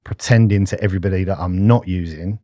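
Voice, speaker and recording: A man's voice: low voice, fast, no echo, dull audio. A British man in his thirties, a podcast guest talking bluntly and candidly in conversation. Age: 30s. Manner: blunt and candid, often says mate.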